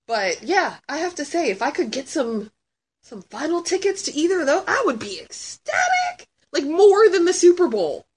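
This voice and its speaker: A woman in her thirties, chatting casually as a guest and answering questions with lots of laughing, swearing and sudden shouts. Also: high voice, animated, moderate pace. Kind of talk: casual chat.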